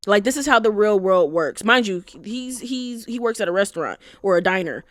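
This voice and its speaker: A woman's voice: mid-range voice, lively intonation, normal speed, few pauses, a bit bright, dry recording, studio quality. A young adult woman hosting a podcast, chatting casually and bluntly, full of "like" and "you know" and the odd curse. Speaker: podcast host. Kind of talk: casual chat recapping a story.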